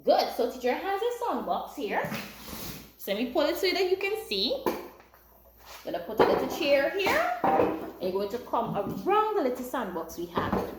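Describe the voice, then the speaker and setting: A woman teaching a young class, her fairly high voice swooping up and down as she coaxes and praises in a sing-song way. The recording carries the echo of the classroom around her. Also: huge pitch swings, moderate pace, long pauses, background noise. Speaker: primary school teacher. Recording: echoey room.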